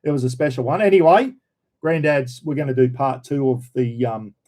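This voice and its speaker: Laid-back Australian man, mellow tone. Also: medium pitch, normal speed. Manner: laid-back, chatty, reads viewer comments aloud. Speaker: host of a live chat stream. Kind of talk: casual live-stream chat reading comments.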